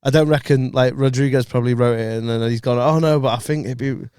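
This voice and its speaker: A man's voice: mid-range voice, steady tone, fast talker, darkish tone, clean tone, no echo. A man appearing as a guest on a podcast in a studio, chatting casually in a wry, lightly sweary manner. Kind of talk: casual chat.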